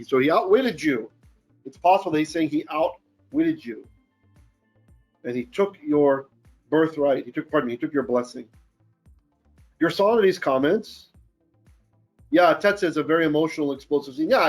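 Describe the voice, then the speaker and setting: A man teaching a Torah lesson, reading Hebrew verses aloud and then translating and explaining them as he thinks them through. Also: a little high. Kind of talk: Bible study lesson.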